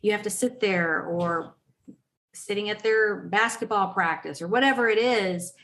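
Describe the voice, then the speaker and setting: A woman's voice: medium pitch, normal speed, a bit bright. Encouraging woman hosting a podcast. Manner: encouraging, speaks to the listeners. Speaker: podcast host. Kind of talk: casual advice chat.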